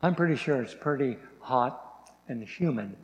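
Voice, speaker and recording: A man preaching a sermon, reading scripture slowly and stressing key words. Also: medium pitch, lively intonation, long reverb tail, lo-fi sound, a little hiss or hum.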